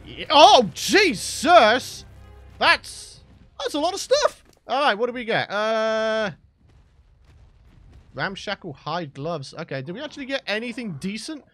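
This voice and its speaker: A young British man giving excited, chatty let's play commentary as the host of a gaming channel. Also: high-pitched, a little slow, soft background music. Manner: excitable, chatty, bursts into shouts and laughs.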